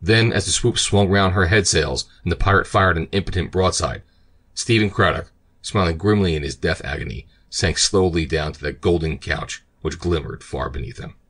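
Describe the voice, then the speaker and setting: A man narrating an adventure audiobook in a steady, measured way. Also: low voice, breathy edge. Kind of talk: scripted narration.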